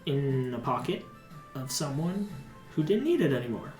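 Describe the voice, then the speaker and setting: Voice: medium pitch, big pitch swings, moderate pace, darkish tone, soft background music. Rambling, hesitant dungeon master in an echoey room. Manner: rambling, many fillers and restarts. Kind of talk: narrating a tabletop game.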